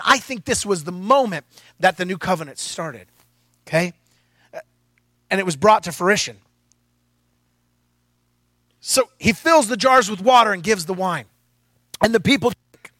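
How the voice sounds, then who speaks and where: A male pastor preaching a sermon in a playful, animated way, with asides to his congregation. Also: sits high, measured pace, long pauses, no echo.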